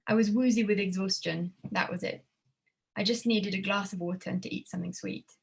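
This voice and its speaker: A woman reading her own prose at a literary evening, measured with a wry tone. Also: mid-range voice, fairly even intonation, creaky, breathy edge. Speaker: student writer reading her work.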